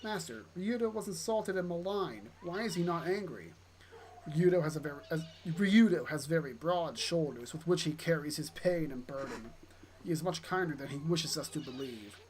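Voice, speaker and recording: A player reading aloud for a calm, formal female automaton companion. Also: mid-range voice, normal speed, slight background noise, close to an everyday voice, low-quality recording.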